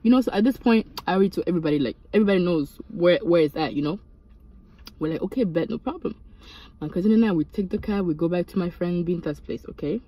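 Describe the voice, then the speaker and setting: A young woman, casually telling a storytime and switching into high, animated quoted voices. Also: fast, no room sound, rough recording. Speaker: vlogger.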